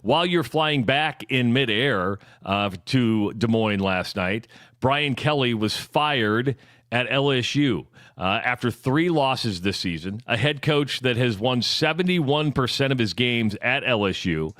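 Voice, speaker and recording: A male sports radio co-host who walks through numbers and records in a measured, matter-of-fact way. His voice sits at a middle pitch, recorded close and dry in a studio with no reverb. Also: expressive, fairly bright tone. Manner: measured, runs through facts and figures, some stammering restarts. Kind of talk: sports talk radio discussion.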